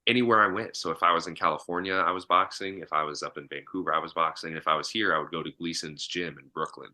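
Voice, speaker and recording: A deep-voiced man with a strikingly bright, forward tone. He is a podcast guest chatting casually and animatedly, laughing often between quick asides. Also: steady tone. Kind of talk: casual chat.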